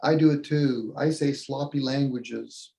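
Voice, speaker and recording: A man co-hosting a loose philosophical talk show, voice gravelly and low in brightness. He talks in an animated way and slips into quoted back-and-forth while making his point. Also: a little slow, poor audio. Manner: animated, acts out quoted dialogue. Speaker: co-host. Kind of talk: casual philosophical chat.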